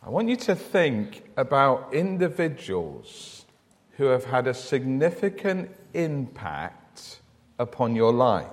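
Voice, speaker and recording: A man preaching a sermon in a church, telling stories in an earnest way and often repeating words as he starts a thought. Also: a little high. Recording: long church reverb.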